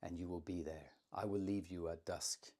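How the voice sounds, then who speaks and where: A man voicing a huge male giant of myth, sarcastic and mock-innocent, in a low, very husky voice. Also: fairly even intonation, normal speed, dark tone. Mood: calm guiding.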